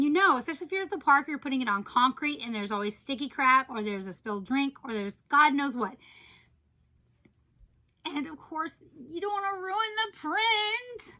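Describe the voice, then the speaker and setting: A woman chatting through a casual product review vlog, gushing about her collection with playful asides and quick self-corrections. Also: high-pitched, bright, forceful tone, poor audio.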